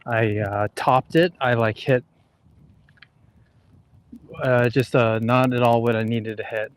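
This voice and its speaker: A man's voice: mid-range voice, steady tone, takes it slowly, smooth, low-quality recording. A man playing golf on a livestream, laid-back and self-deprecating about his shots. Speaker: golfer and co-host. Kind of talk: casual chat. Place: golf course outdoors.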